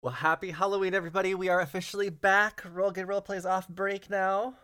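A man hosting a tabletop roleplay podcast as game master, upbeat and quick to laugh in casual chat. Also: sits high, smooth, dry recording, clean studio sound. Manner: upbeat, lively, laughs easily.

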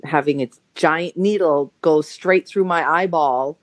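Appearing as a guest on a Los Angeles podcast, a woman in her forties shares an emotional personal story in a chatty, filler-heavy way, now and then performing the voices she quotes. She speaks in a low voice at an unhurried pace, recorded without echo.

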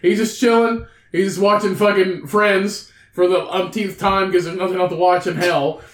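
A man's voice: high-pitched, steady tone, moderate pace, fairly bright tone, roomy sound. A man co-hosting a podcast, telling a crude made-up story in casual banter, swearing and laughing often. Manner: profane storytelling, frequent laughter. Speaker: podcast co-host.

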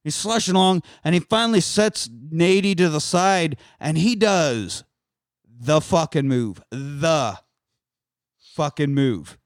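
A man's voice: a little high, expressive, takes it slowly, no room sound, clean studio sound. A man casually retelling an action movie on a podcast, swearing freely and acting out the characters' lines. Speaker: podcast co-host recapping a movie. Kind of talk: casual profane chat.

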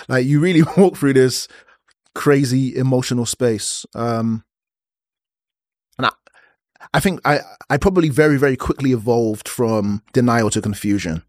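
A man's voice: medium pitch, expressive, measured pace, pauses often, no room sound, clean studio sound. A man in his thirties hosting a personal podcast, talking candidly and acting out the conversations he recounts. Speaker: podcast host.

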